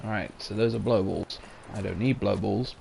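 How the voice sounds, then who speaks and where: A man's voice: lowish voice, steady tone, normal speed, gravelly, a little mellow, a little hiss or hum. A young British man giving casual, sarcastic let's-play commentary and swearing as he plays. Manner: sarcastic, swears, talks to himself. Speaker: gamer commentating his playthrough.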